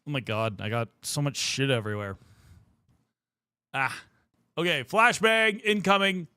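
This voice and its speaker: A man's voice: fairly high pitch, measured pace, sharp tone, smooth, no echo. A young man chatting playfully with his viewers as a livestream host, a little out of breath. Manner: playful, chatty, talks to chat. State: mildly out of breath. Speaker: streamer. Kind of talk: casual livestream chat.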